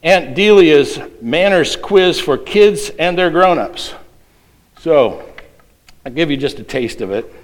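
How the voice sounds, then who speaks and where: Man, middle-aged, sermon, slow, slightly high voice, playful reading. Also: animated, low-quality recording. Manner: reads quiz aloud with playful voices. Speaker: pastor.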